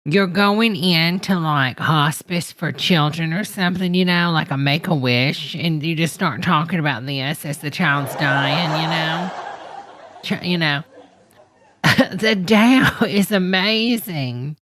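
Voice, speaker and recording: A woman's voice: sits low, measured pace, fairly bright tone, dry recording, low-quality recording. Brash, profane woman mocking a hearing. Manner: brash, sarcastic and profane, calls everyone honey. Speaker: host reacting to a hearing clip. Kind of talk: comedic reaction commentary.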